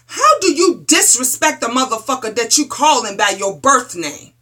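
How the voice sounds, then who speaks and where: A woman's voice: on the high side, sing-song, normal speed, bright, forceful tone. A middle-aged woman ranting bluntly, with a lot of profanity and repeated phrases, in a heated opinion vlog. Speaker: vlogger.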